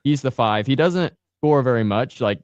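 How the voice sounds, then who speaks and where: A man co-hosting a sports talk show, laying out game scenarios in a measured, analytical way. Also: medium pitch, expressive, no room sound, muffled recording. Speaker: sports podcast co-host.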